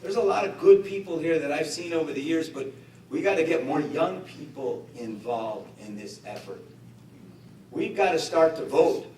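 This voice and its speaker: A middle-aged man addresses an indoor community gathering in a raised, impassioned voice, with a high-pitched delivery. He is heard from some way off in an echoey room with faint background noise. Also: lively intonation, normal speed, darkish tone. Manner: impassioned, rhetorical, with joking asides. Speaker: guest speaker. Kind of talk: political speech to a community gathering. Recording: echoey room, voice picked up from a distance.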